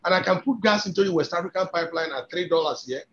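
The dull lo-fi webinar audio carries a little hiss or hum as a Nigerian-accented man speaks as an industry guest. His high, somewhat bright voice moves quickly while he makes his points emphatically and persuasively, frequently repeating words to build an argument.

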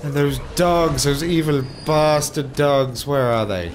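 Slightly high-voiced male game commentator, unhurried, prone to swearing and sudden yelps; noisy home recording. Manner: swings from loud outbursts to muttering; swears and curses at enemies. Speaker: gameplay commentator. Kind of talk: let's play commentary.

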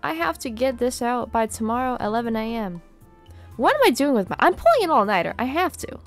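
A young woman chatting casually while building in a game, laughing often, with soft music behind her. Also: on the high side, big pitch swings, brisk. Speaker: co-host Roblox builder. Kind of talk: casual chat while gaming.

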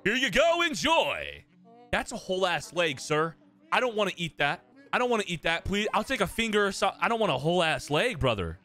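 A man's voice: high voice, lively intonation, fast talker, sharp tone. A young man giving profane, jokey reactions while commentating a horror game. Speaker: gaming YouTuber.

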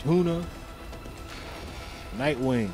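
A man's voice: medium pitch, extremely slow, music in the background. A young man streaming a shooter game, chatting casually, joking, cursing and laughing a lot as he plays. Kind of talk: casual live-stream commentary.

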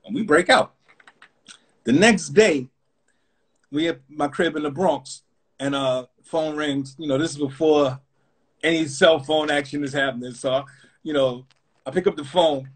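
Husky man telling a story. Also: on the high side, a little slow, pauses often. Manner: loose and rambling, full of fillers like "you know what I'm saying". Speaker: rapper, interview guest. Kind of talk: casual storytelling.

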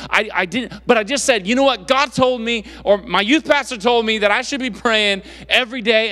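A man's voice: high voice, fairly bright tone, long reverb tail. A young man preaching to a youth group in a casual, conversational way, full of fillers and restarts. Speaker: youth pastor. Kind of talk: youth sermon.

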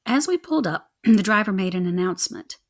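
A young adult woman reading a children's chapter book aloud in an expressive, rhythmic way. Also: medium pitch, a little fast. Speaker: reader.

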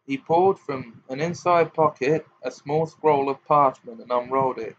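A man reading a storybook aloud in an unhurried, steady narration, in a muffled home recording. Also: medium pitch, slight background noise. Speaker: audiobook reader.

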